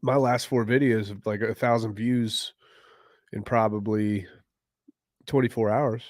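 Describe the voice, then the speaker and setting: A man hosting a casual crypto livestream, greeting viewers by name in loose slang and often clearing his throat. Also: on the low side, steady tone, unhurried, no echo, clean studio sound. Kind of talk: casual livestream chat, reading viewer comments.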